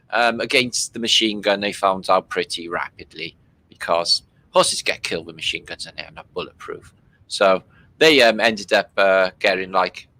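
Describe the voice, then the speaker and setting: A British host offers loose, casual running commentary over archive war footage, swearing freely and filling gaps with ums. His voice is on the low side, with a bright, forceful tone.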